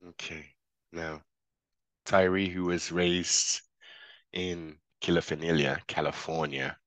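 A man's voice: sits low, level tone, takes it slowly, fairly bright tone, no echo. A man giving casual reaction commentary, talking in an emphatic, slangy way and often repeating himself. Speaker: commentator reacting to police footage.

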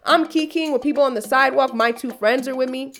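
A woman's voice: high voice, fast, fairly bright tone, soft background music. A woman podcast host telling a story in casual chat, swearing freely and ranting. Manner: profane, heated storytelling rant.

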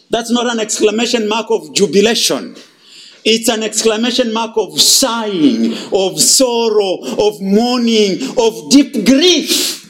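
A man preaching a sermon, emphatic and dramatic, swinging between loud and hushed. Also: high voice, slight background noise.

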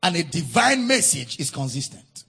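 A man preaching a sermon at a church service, repeating key phrases and swinging between shouted, sung emphasis and drawn-out words. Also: fairly high pitch, very animated, vocal fry, breathy edge. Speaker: pastor.

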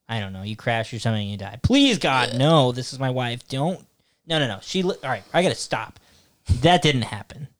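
A man's voice: mid-range voice, clear, resonant tone. A young man hosting his podcast, chatting casually in a rambling, jokey, playful way. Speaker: podcast host. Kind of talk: casual chat.

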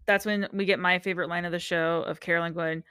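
A woman's voice: lowish voice, fast, smooth, no room sound, clean studio sound. A young woman on a podcast, casually recapping a TV show, acting out quotes and laughing often. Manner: animated storyteller, acts out quotes, laughs often. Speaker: podcast co-host.

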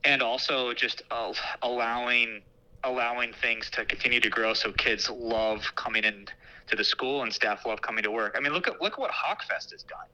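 Bright-voiced earnest man in his thirties. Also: mid-range voice, normal speed, poor audio. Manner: earnest and heartfelt, repeats words as he starts over. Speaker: school administrator guest. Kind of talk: casual interview.

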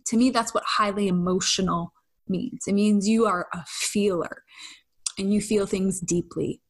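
A woman hosts a casual solo podcast in an open, emotionally expressive way. She speaks at a middling pitch, swears now and then, sighs and laughs between thoughts, and often restarts her sentences. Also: unhurried. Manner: candid, effusive, swears casually, trails off and restarts. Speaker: podcast host.

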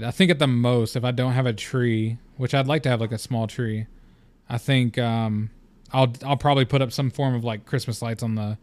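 A man's voice: mid-range voice, darkish tone, no room sound. A young man hosting a solo podcast, talking in a loose, rambling, candid way with lots of fillers and casual swearing. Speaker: podcast host.

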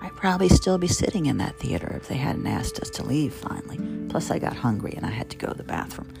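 A woman in her fifties with a Southern-tinged New Jersey accent and a low, deeply gravelly voice. She is a chef hosting her own show, telling chatty, digressive stories with wry asides, over clearly audible music. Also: big pitch swings, quick pace. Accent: Southern American over New Jersey. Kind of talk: rambling storytelling monologue.

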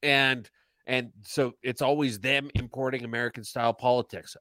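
Podcast co-host, man, mid-pitched, opinionated rant, dry close mic. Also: fairly even intonation, normal speed, sharp tone, dry recording. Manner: opinionated, ranting with filler words. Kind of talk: casual political chat.

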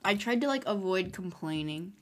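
A woman's voice: mid-range voice, animated, normal speed. A teenage girl co-hosts a casual podcast at home, her voice sitting in a middle register. She chats eagerly and laughs easily, with a bubbly, chatty manner. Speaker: podcast co-host. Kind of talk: casual chat. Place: bedroom, doing hair and nails.

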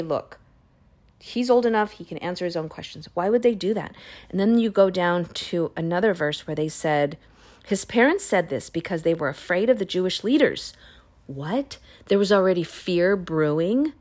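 A woman hosting a Bible podcast, retelling a chapter in a casual, animated way with playful, sassy asides. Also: lowish voice. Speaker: podcast host reading and discussing the Bible.

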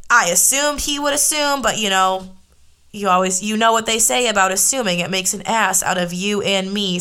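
Bright-voiced young woman telling a candid story. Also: medium pitch. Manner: casual, candid, swears freely, many filler "like"s. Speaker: podcast host. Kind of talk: confessional storytelling monologue.

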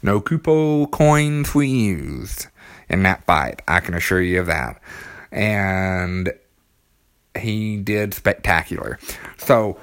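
A man's voice: sits low, expressive, slow, a bit bright, clear, resonant tone, no room sound, studio quality. A man with a small child, talking casually about a video game, with lots of ums and restarts. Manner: rambling, many ums and restarts, enthusiastic. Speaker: gaming commentator.

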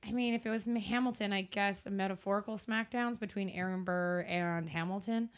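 A woman's voice: mid-range voice, steady tone, brisk. A woman co-hosting a podcast, chatting casually and jokingly with rambling asides while recapping a TV episode. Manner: giggly, jokey, rambling asides. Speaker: podcast co-host.

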